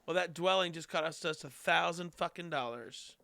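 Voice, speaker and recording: A man hosting a casual interview, reacting with quick exclamations and follow-up questions. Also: a little high, creaky, bright, forceful tone. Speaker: podcast host.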